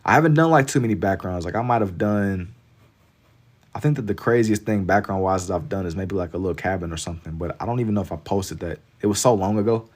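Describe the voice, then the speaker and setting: Laid-back Southern man, lowish voice. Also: quick pace. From Kentucky. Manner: laid-back, rambling, heavy on filler "like". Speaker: live-stream artist. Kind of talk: casual live-stream chat while drawing.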